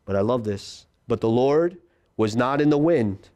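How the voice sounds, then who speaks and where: Animated preaching man, lively pitch. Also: a little slow, clear, resonant tone. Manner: animated preaching, acting out quoted voices; drops to a hushed low voice for God's quiet words. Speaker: pastor. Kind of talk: sermon.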